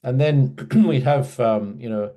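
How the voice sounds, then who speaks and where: A man's voice: medium pitch, slow, warm tone. A man casually telling a personal memory in an interview, hesitant, with many restarts and fillers. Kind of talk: casual storytelling.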